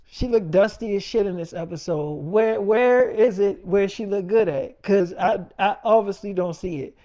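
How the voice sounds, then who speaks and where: A man's voice: sits high, moderate pace, dark tone, lightly acted. Jealous scolding girlfriend, as a man puts her on. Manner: scolding, swearing, needling. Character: sharp-tongued jealous pregnant girlfriend, young woman.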